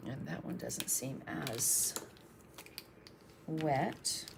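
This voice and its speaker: A woman's voice: a bass voice, drawn-out words, creaky, background noise. A woman art instructor chatting through a live painting tutorial, thinking aloud as she works and thanking viewers for their comments.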